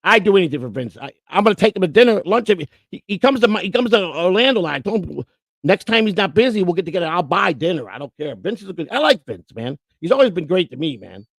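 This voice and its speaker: Brief: male co-host, rambling and boastful, gravelly voice with a dry sound. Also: sits high, sing-song, fast, a bit bright, no room sound. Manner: rambling, boastful, repeats words. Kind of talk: casual livestream chat.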